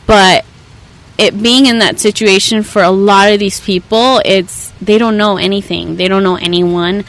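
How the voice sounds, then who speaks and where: A woman's voice: fairly even intonation, measured pace, low-quality recording. A young woman from Southern California, a therapist and podcast guest, telling an earnest story in casual conversation. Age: young adult. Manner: earnest storytelling, acts out quoted voices with raised pitch.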